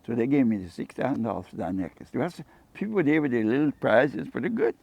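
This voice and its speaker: A man's voice: mid-range voice, fast, gravelly, lo-fi sound. An older Caymanian man, a fisherman and jewelry maker, telling rambling stories in an interview and acting out the dialogue. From Cayman Brac, Cayman Islands. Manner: animated storyteller who acts out quoted dialogue. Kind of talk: rambling anecdotal storytelling.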